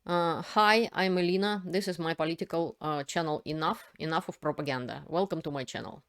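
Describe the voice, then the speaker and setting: Casting: woman, low-ish voice, political channel host, casual and unscripted commentary, explanatory. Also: fairly bright tone. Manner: unscripted, halting explanatory delivery. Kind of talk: casual spoken commentary to camera.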